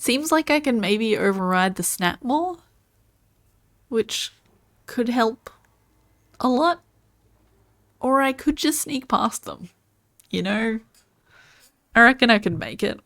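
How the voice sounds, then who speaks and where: Woman gamer, unhurried musing commentary, dry close sound. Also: on the high side, animated, a bit bright, dry recording. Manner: slow, musing, thinking aloud. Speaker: game streamer. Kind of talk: casual gameplay commentary.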